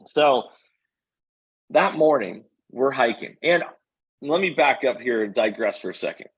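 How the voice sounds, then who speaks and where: A man, a podcast guest, telling an animated hunting story and acting out the voices of the people in it. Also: medium pitch, measured pace, husky, poor audio.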